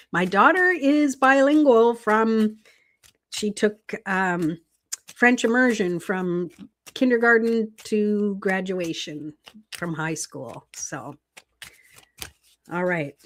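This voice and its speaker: A middle-aged woman, talking in a chatty, easygoing way while she hosts a tarot live stream. Her voice sits at an ordinary middle pitch, and she laughs often as she reads out comments from viewers. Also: takes it slowly. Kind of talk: casual live-stream chat.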